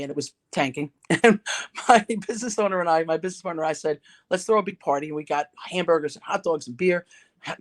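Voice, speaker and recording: Middle-aged woman guest, lively anecdotal storyteller, chatty with frequent restarts. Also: deep voice. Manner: animated, conversational storyteller with restarts. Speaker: guest, ghostwriter and speaker. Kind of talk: told anecdote and podcast chat.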